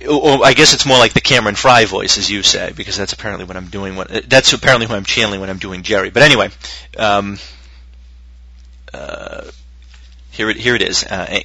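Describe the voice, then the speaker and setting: A man's voice: on the low side, brisk, gravelly, bright, forceful tone, husky, no room sound, rough recording. A man co-hosting a podcast, rambling and swearing casually and laughing often. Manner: profane, rambling, laughs a lot. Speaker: podcast co-host.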